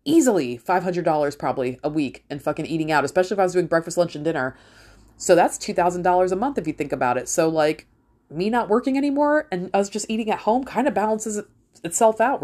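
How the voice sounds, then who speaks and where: Low-voiced woman, candid and profane. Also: darkish tone. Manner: candid, heavy swearing, rambling. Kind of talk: casual monologue.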